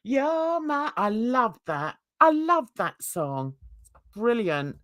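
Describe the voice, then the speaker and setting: An older woman from England hosting a casual livestream chat, laughing a lot and jumping into excited high squeals. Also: slow pace, dry recording, clean studio sound. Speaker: host. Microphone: video call.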